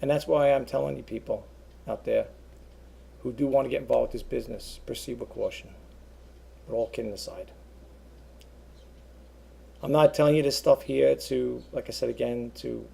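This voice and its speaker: A man's voice: mid-range voice, gravelly, dark tone, breathy edge. A man talking to his viewers over a webcam in a casual, rambling monologue, earnestly repeating himself. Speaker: eBay seller vlogger.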